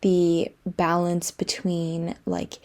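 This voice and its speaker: Young woman book vlogger, mellow voice, slightly low, chatty and gushing, lots of fillers. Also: completely flat delivery, extremely slow. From France. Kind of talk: casual vlog talk.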